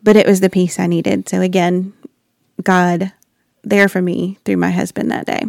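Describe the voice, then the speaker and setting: A woman's voice: lowish voice, flat delivery, moderate pace, creaky, no room sound, studio quality. A woman sharing an earnest, reflective personal faith story as a wife and mother. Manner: earnest, reflective, with soft laughs.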